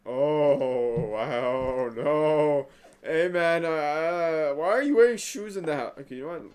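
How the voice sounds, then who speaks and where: A young man hosting a reaction video, talking back to the screen with excitable outbursts and mumbled asides. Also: fairly high pitch, slow pace, smooth. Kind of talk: casual reaction commentary.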